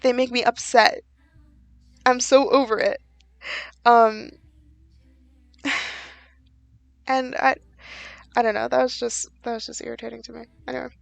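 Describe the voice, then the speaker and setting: A woman's voice: on the high side, flat delivery, measured pace, creaky, long pauses, no echo. A woman giving a casual book review, chatty and exasperated, with lots of "like" fillers.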